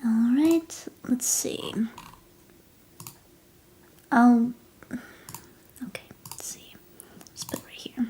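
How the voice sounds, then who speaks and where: A young woman streaming live, chatting casually and gushing, often dropping into soft whispers. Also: fairly high pitch, drawn-out words, pauses often.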